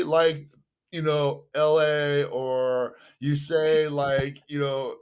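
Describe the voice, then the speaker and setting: Animated man telling stories on a podcast. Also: fairly high pitch, extremely slow, smooth. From Los Angeles area. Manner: animated, acts out quoted dialogue, many fillers. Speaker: podcast guest. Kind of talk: casual storytelling.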